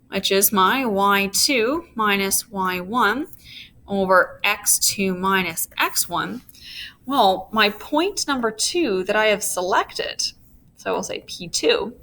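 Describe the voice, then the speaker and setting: Woman teacher doing a slow physics walkthrough, bright voice, keeps asking "okay?". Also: medium pitch, lively intonation, slight background noise. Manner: walks through steps, checks in with "okay?"; playful asides. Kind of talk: recorded physics lesson.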